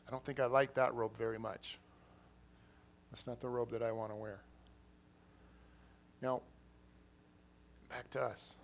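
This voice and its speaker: Man, assistant pastor, sermon, gravelly voice, earnest, repeats himself, emphatic swells. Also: mid-range voice, slight background noise. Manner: earnest, repeats phrases, rises to emphatic bursts. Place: church hall.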